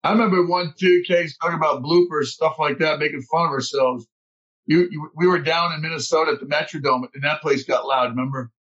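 Playful self-mocking man, slightly high voice. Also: fairly even intonation, a little fast, fairly bright tone, muffled recording. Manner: playful, self-mocking, laughs while telling stories. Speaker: podcast guest, former relief pitcher. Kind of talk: casual storytelling chat.

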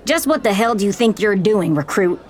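A woman's voice: medium pitch, animated, fairly quick, voice pushed up, lightly acted. A woman reading an audiobook, voicing a stern male gunslinger officer who mocks and commands a recruit. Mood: scornful. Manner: scornful, commanding.

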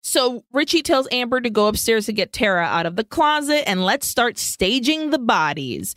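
A woman's voice: fairly high pitch, sing-song, a bit bright, dry recording. Woman recapping a movie plot, dry close mic. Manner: recaps plot quickly, quoting characters with asides and swearing. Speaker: podcast co-host. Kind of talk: casual movie recap chat.

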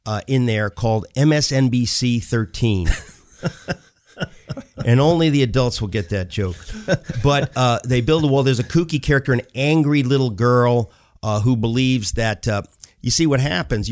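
A middle-aged man telling a story with lots of jokes and bursts of energy, putting on little voices for the characters. His voice sits at an ordinary pitch for a man, and the sound is dry and close, with no room around it. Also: moderate pace, no echo. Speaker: guest author. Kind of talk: animated storytelling in casual chat.

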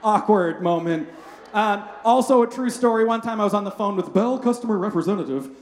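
A male pastor with a fairly high voice delivers a family sermon in a roomy, echoing space. He tells self-deprecating stories in a casual, joking way, often checking in with the congregation. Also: lively intonation, a little fast, darkish tone. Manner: casual, humorous storytelling with frequent "right?".

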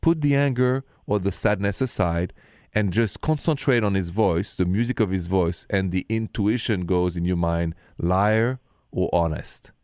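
A man's voice: sits low, a little slow, a little mellow, smooth, dry recording, clean studio sound. A man, hosting a call-in radio advice show, explaining things and teasing what comes next. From France. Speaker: radio relationship advice host.

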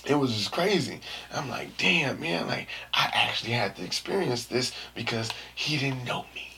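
Young male vlogger with a gravelly, bright voice, animated storyteller who swings from whispers to shouts. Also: mid-range voice, normal speed, a little hiss or hum. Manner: animated, slangy, swings between hushed asides and shouting. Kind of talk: casual storytelling to camera.

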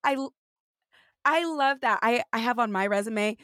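A woman's voice: fairly high pitch, a little slow, fairly bright tone, no room sound, clean studio sound. A woman hosting a podcast interview, bubbly and teasing, chatting casually and laughing easily. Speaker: podcast host.

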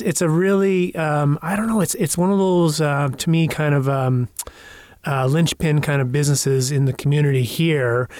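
A man co-hosts a podcast, circling his points with plenty of ums and restarts. His voice is a touch high and recorded dry and close. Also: a little mellow, no room sound. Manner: halting, full of fillers. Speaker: podcast co-host. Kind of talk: casual podcast chat.

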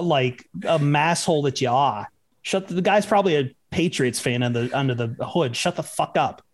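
A young man co-hosting a sports betting podcast, cracking jokes in brash, swearing tough-guy rants. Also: on the high side. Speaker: podcast co-host. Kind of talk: joking sports betting banter.

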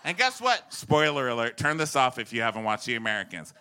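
A man from Texas, a podcast guest, delivering a loud, animated comedic rant full of swearing and sudden shouts. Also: medium pitch, a little fast, hardly any pauses, clean tone.

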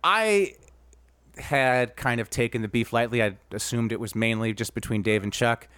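A man's voice: mid-range voice, moderate pace, a bit bright, clean tone, no room sound. A young man co-hosting a sports podcast in casual banter, rambling and defensive, often repeating himself. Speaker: podcast co-host.

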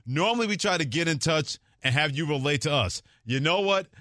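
Lively male sports radio host. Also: fairly high pitch, a little fast, dry recording, clean studio sound. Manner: animated, laughing, playful storytelling. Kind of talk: energetic sports radio chat. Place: radio studio. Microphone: studio microphone.

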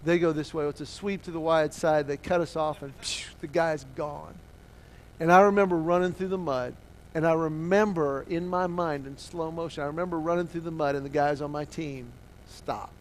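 A middle-aged man preaching and telling a personal story, swinging from hushed to loud as he acts out the dialogue. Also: on the high side, steady tone, a little fast. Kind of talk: sermon storytelling.

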